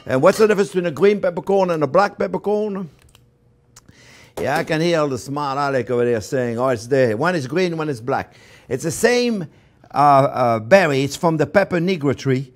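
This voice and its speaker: An older man hosting a cooking show, demonstrating a recipe in an animated, emphatic way, repeating words for stress and calling his viewers friends. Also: a little high, moderate pace. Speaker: chef and cooking show host.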